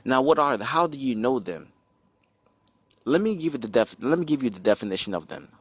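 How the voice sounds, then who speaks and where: A man's voice: medium pitch, big pitch swings, a little fast, husky. A man from the United States giving an impassioned spoken commentary, emphatic and repetitive, often putting rhetorical questions to his listeners. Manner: emphatic, repeats phrases, asks rhetorical questions. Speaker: speaker on a religious channel.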